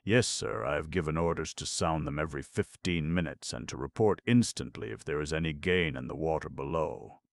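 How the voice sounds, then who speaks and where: A man's voice: very deep voice, animated, fairly quick, gravelly, hardly any pauses, no room sound, studio quality, exaggerated voice. A man reading the lines of a tall young ship's mate who answers respectfully and anxiously. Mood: dutiful.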